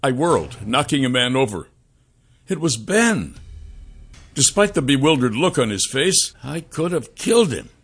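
A man narrating a first-person adventure novel in an expressive storytelling manner. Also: medium pitch, moderate pace, slightly rough. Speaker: audiobook narrator.

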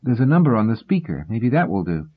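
A man reading the lines of a calm, practical adult woman in a husky voice, slightly raised. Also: mid-range voice, quick pace. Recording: tinny phone-like sound.

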